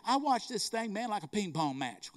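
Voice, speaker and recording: Fervent high-voiced preacher. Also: male voice, big pitch swings, normal speed. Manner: fervent storytelling, calls to the congregation. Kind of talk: sermon.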